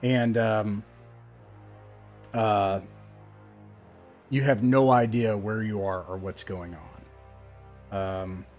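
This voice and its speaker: A man's voice: on the low side, steady tone, drawn-out words, pauses often, darkish tone, faint music behind. A man running a tabletop game, describing scenes with lots of ums and restarts. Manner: rambling, many fillers while describing scenes. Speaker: game master.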